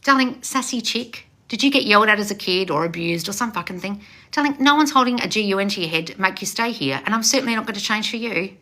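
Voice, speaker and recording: Loud, blunt woman coach with a bright voice. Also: mid-range voice, animated, fast talker. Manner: loud, passionate and blunt, swears freely; calls listeners darling, sassy and confrontational. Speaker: manifestation coach. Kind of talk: live-streamed coaching with read-out viewer questions.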